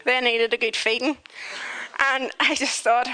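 A woman telling a funny personal story in an animated, chatty way, sharing a testimony. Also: on the high side, unhurried, clean tone. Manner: animated, chatty, full of fillers.

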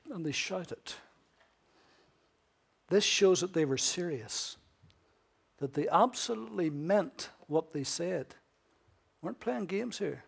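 High-voiced emphatic male preacher. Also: animated, slow pace, gravelly, pauses often, breathy edge. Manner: emphatic, with rhetorical questions and swings between loud and hushed. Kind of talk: sermon.

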